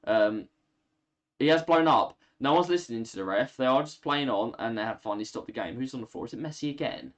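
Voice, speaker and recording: A man's voice: medium pitch, expressive, brisk. A tired young man, chatting through live football commentary on a stream and talking to his chat. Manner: chatty, reacts to play, talks to chat. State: tired, yawning. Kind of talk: live watch-along commentary.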